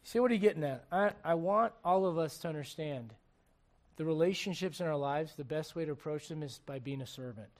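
This is a middle-aged male pastor from Puerto Rico, his voice sitting notably high for a man. He preaches to a live congregation with fervent, earnest delivery, dropping to quiet appeals and tossing in wry jokes. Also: brisk. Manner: joking asides to the congregation. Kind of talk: sermon. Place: church service before a congregation.

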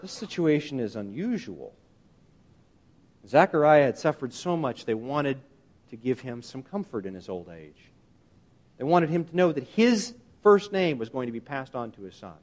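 A man preaching a sermon, emphatic and animated, often asking his listeners rhetorical questions. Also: medium pitch, normal speed. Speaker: pastor.

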